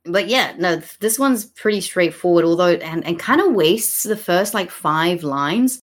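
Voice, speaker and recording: Woman cohost chatting about poems, slow and sarcastic, lots of ums, lowish voice. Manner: sarcastic, animated, many fillers. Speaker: podcast co-host. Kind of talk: casual chat about poetry.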